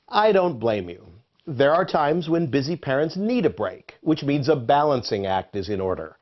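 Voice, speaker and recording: Lively, playful male narrator. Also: on the high side, normal speed. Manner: quiz-style, playful, lively delivery. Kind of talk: scripted educational narration. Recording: dull lo-fi audio with faint music.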